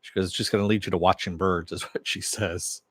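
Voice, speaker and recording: A man's voice: sits low, fairly even intonation, fairly quick, a bit bright, breathy edge, dry recording. A man casually recapping a TV episode, retelling scenes loosely with lots of fillers and quoted lines. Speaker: TV show reviewer.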